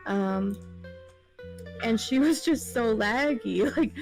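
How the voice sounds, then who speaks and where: A woman's voice: fairly high pitch, takes it slowly, a little mellow, faint music behind. A woman game developer telling a story casually, rambling with many fillers.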